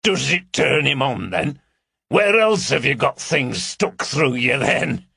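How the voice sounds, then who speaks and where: Man doing a bulky coarse guy, slow and mocking, lively up and down voice. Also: mid-range voice, vocal fry, breathy edge, dry recording, clean studio sound, pitched above the performer's own voice, full character voice. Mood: leering. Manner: slow, crude, mocking drawl. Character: bulky coarse Yorkshire man, leering and blunt.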